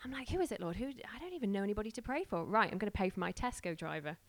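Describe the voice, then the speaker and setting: A woman's voice: medium pitch, animated, rapid-fire, no room sound. Chatty woman telling a story, dry sound. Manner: chatty, laughing, acts out quoted voices. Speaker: church planter sharing a story. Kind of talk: casual storytelling testimony.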